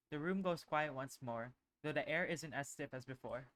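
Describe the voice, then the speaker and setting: A male streamer reading a visual novel aloud in an expressive, unhurried way. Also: mid-range voice. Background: background music.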